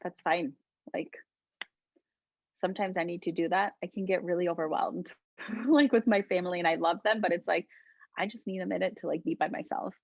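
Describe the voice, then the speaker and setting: A woman from Colombia, a guest healer, talking gently and reflectively in a casual interview, often laughing. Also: lowish voice, fairly even intonation, a little fast, gravelly, dry recording, dull audio.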